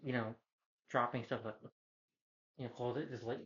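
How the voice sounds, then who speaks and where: A man talks through a movie in a loose, rambling, eager way, with a middle-pitched voice. The audio is dull and muffled, like a lo-fi home recording. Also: fairly even intonation, moderate pace, a bit bright. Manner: rambling, enthusiastic plot retelling. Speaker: film reviewer. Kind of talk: casual film review.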